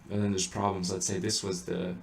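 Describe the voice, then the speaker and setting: A man teaching how to sing Latin chant tones, talking casually with halting explanations, many fillers and restarts. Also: low voice, flat delivery, gravelly, distant mic. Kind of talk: informal spoken lesson with sung examples. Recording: echoey room, voice a bit off-mic, faint background noise.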